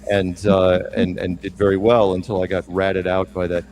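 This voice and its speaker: A man co-hosting a podcast, telling a long story in a rambling, animated way with lots of restarts. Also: low voice, moderate pace. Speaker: podcast co-host. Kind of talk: casual storytelling chat.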